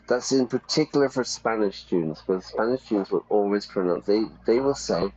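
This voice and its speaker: A man's voice: on the low side, lively intonation, moderate pace, darkish tone, lo-fi sound. A man teaching English while streaming a game, chatty, explaining with examples and checking in with "yeah?".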